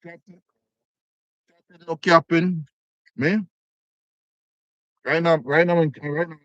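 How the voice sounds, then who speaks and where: A man's voice: fairly high pitch, steady tone, takes it slowly, a bit bright, dry recording, highs cut off. A man from Canada hosting a casual live stream, chatting with viewers, thanking them by name and reading comments aloud as he eats. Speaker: livestream host. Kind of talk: casual live chat while eating.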